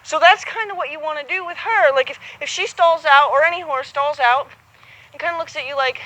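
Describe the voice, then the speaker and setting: A woman's voice: high-pitched, brisk, sharp tone, low-quality recording. A woman coaching a horsemanship student outdoors, patient and encouraging, acting out both horse and rider as she explains. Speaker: horsemanship instructor. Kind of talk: hands-on coaching.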